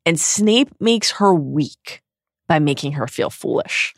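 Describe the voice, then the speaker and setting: A woman co-hosting a podcast, animated and laughing often as she discusses a book. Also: sits low, takes it slowly, no room sound, clean studio sound. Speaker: podcast co-host.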